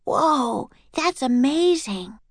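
Storybook girl, eager and curious, high bright voice, read by a woman. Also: expressive, dry recording, exaggerated voice. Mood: excited. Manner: eager, quick questions. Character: curious excitable young girl.

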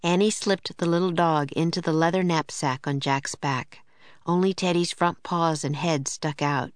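A woman narrating a children's book in clear, even storytelling. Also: low-pitched, moderate pace, no echo. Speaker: audiobook narrator. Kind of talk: scripted narration.

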